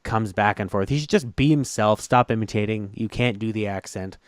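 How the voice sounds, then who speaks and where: A man's voice: lowish voice, fairly quick, smooth, dry recording, studio quality. A man co-hosting a casual film review chat, blunt and profane, laughing easily.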